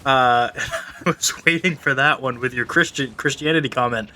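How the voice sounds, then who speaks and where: A man's voice: medium pitch, moderate pace, pushed and bright, slight background noise. A man calling an esports match play-by-play, joking with his co-caster. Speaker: esports commentator. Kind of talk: play-by-play commentary.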